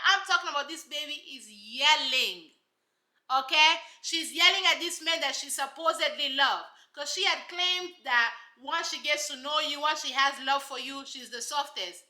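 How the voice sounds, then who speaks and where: A woman's voice: sits high, normal speed, bright, forceful tone, roomy sound. A woman giving casual, sassy commentary on a reality show, emphatic and full of rhetorical asides.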